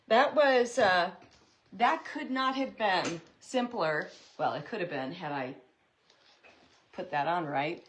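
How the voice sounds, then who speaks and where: A woman's voice: fairly low pitch, animated, slow. A woman hosting a live craft tutorial, chatting with viewers in an upbeat way while she works. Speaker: craft host.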